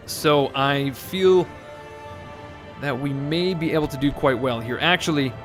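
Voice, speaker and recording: A man's voice: medium pitch, unhurried, music in the background. Male let's-play host, casual and chatty, thinks aloud and corrects himself. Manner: rambling, self-correcting, joking. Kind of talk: casual gameplay commentary.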